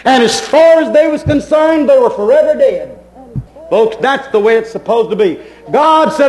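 A middle-aged man, preaching a fervent sermon as pastor, dropping suddenly quiet and then bursting out with emphasis. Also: very high-pitched, lively intonation, moderate pace, rough recording.

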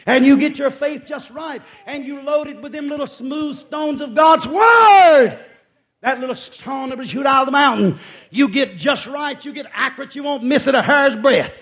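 A male preacher delivering a fervent sermon, shouting and drawing out his exclamations. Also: extremely high pitch.

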